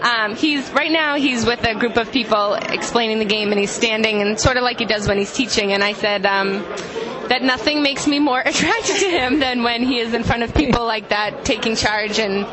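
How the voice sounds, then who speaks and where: A woman's voice: a little high, moderate pace, rough recording. A woman with a New England accent shyly confessing something at a gaming convention, speaking a little embarrassed. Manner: shy and embarrassed. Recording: handheld recording in a loud crowd.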